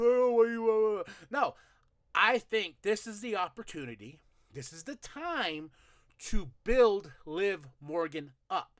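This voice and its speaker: A man with a high, bright, forceful voice hosts a podcast from a home room, recapping a wrestling show casually. He laughs and acts out the wrestlers' lines with plenty of energy, and the recording is dry and cleanly studio-sounding.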